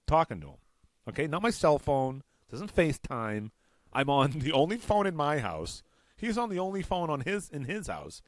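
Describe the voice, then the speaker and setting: A man's voice: mid-range voice, sing-song, normal speed, no room sound. A man hosting a comedy podcast, telling a rambling, self-mocking story in casual chat. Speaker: podcast host.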